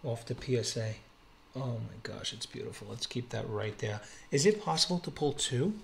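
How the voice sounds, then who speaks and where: A man's voice: medium pitch, lively intonation, normal speed, gravelly, a little hiss or hum. A man opening trading card packs at home for his channel, calling out each card and exclaiming over a rare pull. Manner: thrilled, exclamatory, calls out cards. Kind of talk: excited pack-opening vlog. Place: home, quiet room.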